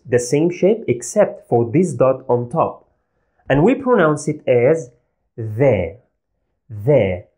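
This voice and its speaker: A man's voice: medium pitch, a little mellow. A man teaching letters and their sounds, patiently repeating each sound for learners. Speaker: Arabic language teacher. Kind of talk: slow, deliberate pronunciation lesson.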